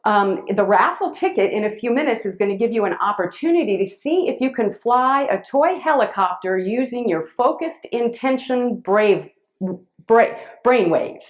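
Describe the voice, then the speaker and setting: A woman speaker telling a personal story to a live audience. She is expressive and halting, with restarts, and swings between loud and hushed. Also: a little high. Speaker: motivational speaker.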